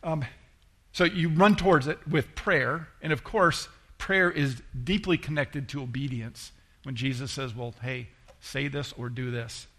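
A man's voice: measured pace, pushed and bright. A middle-aged male pastor preaching a sermon in a conversational storytelling way, acting out the people he quotes. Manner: conversational, acts out quoted voices with rising pitch.

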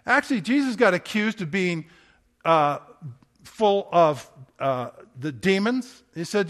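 A man's voice: high-pitched, big pitch swings, slow pace, fairly bright tone. A man, a pastor, preaching a sermon in a conversational storytelling way, asking rhetorical questions.

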